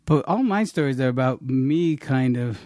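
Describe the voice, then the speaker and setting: A man's voice: medium pitch, expressive, normal speed, dark tone, dry recording, studio quality. A middle-aged man telling stories as a comedian guest in a casual interview, rambling and laughing, with frequent restarts.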